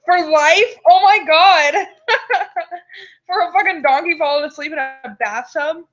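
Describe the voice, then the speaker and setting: A woman with a high, bright voice co-hosts a comedic fanfiction reading. She reacts to the text with laughs and exclamations. The recording is dull and lo-fi. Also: measured pace. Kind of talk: comedic read-aloud.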